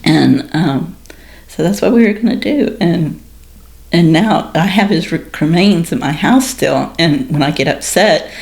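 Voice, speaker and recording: A low-pitched, middle-aged woman tells her story in a relaxed podcast conversation. She speaks candidly with a dark sense of humor and brings quoted exchanges to life with sudden jumps in pitch. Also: a little slow, gravelly. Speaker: guest sharing her story.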